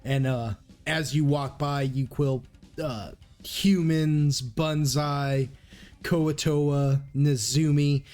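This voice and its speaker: A man's voice: on the high side, steady tone, very slow, darkish tone, faint music behind. A man narrating as a game master in a loose, casual way full of fillers.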